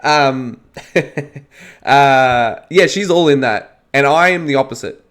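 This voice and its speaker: Australian man in his thirties hosting a chatty podcast, lively and self-mocking, groggy from hay fever tablets. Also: mid-range voice, slow. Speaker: podcast host. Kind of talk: casual chat.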